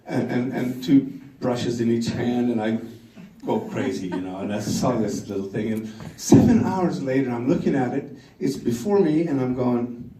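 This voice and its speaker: A middle-aged man from Sweden with a Swedish accent, telling a story on stage in an animated way, laughing and acting out the quotes. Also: mid-range voice, normal speed, echoey room, recorded from a distance, a little hiss or hum, low-quality recording. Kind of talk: storytelling talk.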